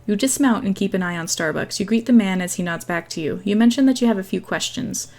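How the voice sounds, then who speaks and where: A woman's voice: medium pitch, fast talker, creaky, darkish tone. A woman hosting a gaming channel, reading a text game aloud in a casual way with small slips and chatty asides.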